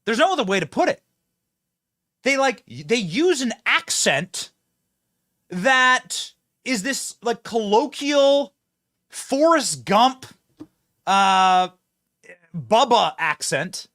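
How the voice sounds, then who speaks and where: A man's voice: very high voice, very animated, takes it slowly, long pauses, a bit bright. A male host giving mocking, sarcastic political commentary.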